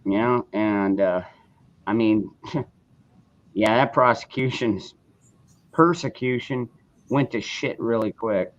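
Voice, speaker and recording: A man's voice: on the low side, takes it slowly, pauses often. Blunt, profane man with lo-fi sound. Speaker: host of a call-in forum. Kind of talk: casual live chat. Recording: dull lo-fi sound.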